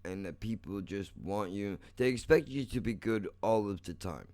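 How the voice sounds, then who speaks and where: A man's voice: on the low side, moderate pace, a little mellow. A young man hosting a casual solo podcast, rambling and self-mocking, swearing often and calling the listener "dude.". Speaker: podcast host.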